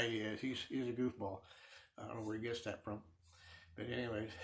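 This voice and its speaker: A middle-aged man talks in a rambling, friendly way while he works at a lathe in his shop. He chats with viewers of a live stream, answering comments between remarks about sanding. His voice sits at an ordinary pitch for a man. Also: gravelly. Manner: rambling, chatty, reads viewer comments aloud. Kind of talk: casual chat while working. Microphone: phone.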